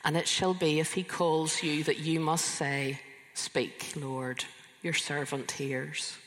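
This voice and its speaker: The old, dim-eyed priest Eli, read by a woman in a sermon. The voice is lowered, soft and unhurried. It carries a long reverb through a big hall. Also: fairly even intonation. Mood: gentle.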